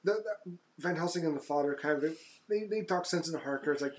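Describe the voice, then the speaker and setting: A man co-hosting a podcast, casually recapping a movie's plot with fillers and quick voiced asides. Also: fairly high pitch. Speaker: podcast co-host.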